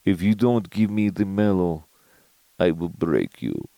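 A man putting on a blustering rich Russian billionaire in a mock Russian accent, gruff and slow, speaking broken English as a comedy impression. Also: deep voice, dark tone, dry recording. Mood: mock threat. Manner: slow, threatening.

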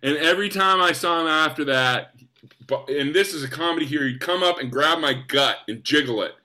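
A young man from the United States, an actor guest, telling stories in an enthusiastic, animated way. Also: a little high, fairly quick. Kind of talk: casual storytelling.

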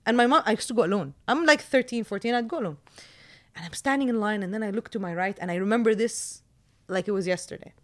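A woman in her thirties from Jordan, chatting casually and telling animated stories with quick asides. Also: mid-range voice. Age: 30s. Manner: animated storyteller, quick asides, laughs often. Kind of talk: casual chat.

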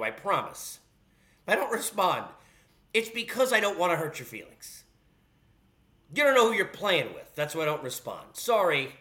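A man's voice: high voice, pushed and bright. A man hosting a sports talk show, ranting in a heated, sarcastic way full of rhetorical questions. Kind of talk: animated sports commentary rant.

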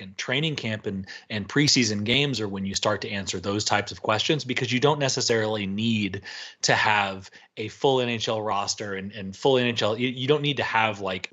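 A man with a low, slightly husky voice co-hosts a podcast. He talks through questions analytically, with a relaxed conversational manner. He keeps tagging rhetorical questions onto his points. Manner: analytical, asks rhetorical "right?". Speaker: podcast co-host. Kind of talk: casual chat.

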